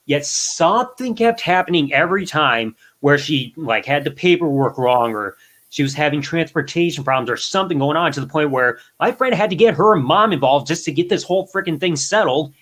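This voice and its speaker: A man's voice: a little high, animated, fairly quick, fairly bright tone. A man calling into a live show, venting in a heated, rambling way. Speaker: caller.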